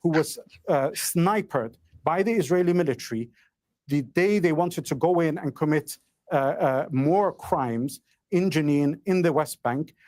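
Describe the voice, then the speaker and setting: A man speaking in a recorded commentary clip, measured with hesitant fillers. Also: on the high side, a little mellow.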